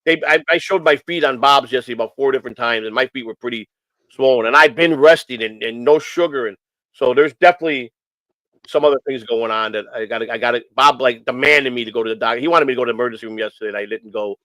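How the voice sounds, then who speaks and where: Casting note Male stream host, mid-pitched, dry close sound, rambling and heartfelt, stumbles and repeats himself. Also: fast, fairly bright tone, no echo, low-quality recording. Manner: rambling, repeats phrases, many restarts; earnest and emotional. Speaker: host of a morning stream show. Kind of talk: casual rambling talk.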